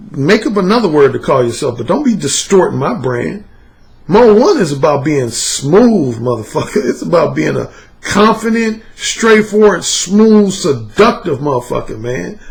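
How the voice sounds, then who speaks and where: A dating coach with a voice on the high side gives a casual vlog monologue. He's emphatic, profane and repetitive, hammering his points home.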